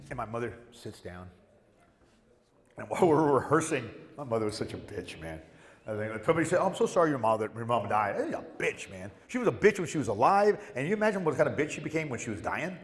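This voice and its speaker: A middle-aged guest actor on a convention panel tells profane anecdotes in a brisk, medium-pitched voice. He's animated and acts out the voices of the people he quotes, and the echoey hall adds long reverb.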